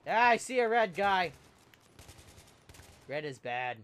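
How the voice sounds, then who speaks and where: A man giving live commentary over his video game, excitable and joking, swearing and yelping as things happen. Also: on the high side, slow, long pauses, smooth. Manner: joking, self-mocking asides. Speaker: gameplay commentator.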